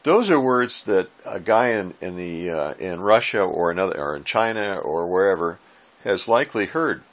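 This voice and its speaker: Low-voiced guy explaining radio stuff from his shack, easygoing, bit of dry humor. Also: moderate pace. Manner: relaxed and folksy, with dry asides. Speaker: ham radio operator and instructor. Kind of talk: casual how-to explainer. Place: home radio room.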